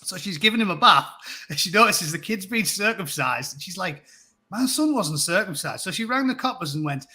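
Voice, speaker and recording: Brief: male co-host, high, bright voice, chatty profane storyteller. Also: animated, a little fast. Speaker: stream co-host. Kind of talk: casual storytelling chat.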